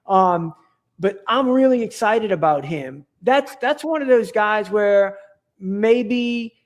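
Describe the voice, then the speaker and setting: A man's voice: high voice, lively intonation, slow pace. A man talking as a podcast guest in casual chat, rambling and enthusiastic, with many restarts and fillers.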